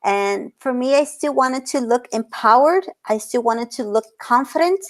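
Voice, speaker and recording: A woman's voice: on the high side, moderate pace. A woman in her thirties, a portrait photographer talking as an interview guest. She speaks earnestly, laughs often and drops Spanish words into her English. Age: 30s. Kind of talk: casual interview talk.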